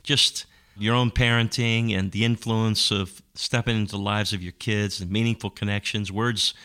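A man's voice: on the low side, steady tone, moderate pace, pushed and bright, clear, resonant tone. A man co-hosting a radio show, asking long, rambling interview questions.

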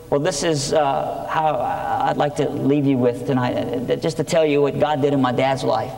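A man preaching his testimony, telling the story earnestly and with energy. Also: on the high side. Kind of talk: sermon testimony. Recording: echoey hall.

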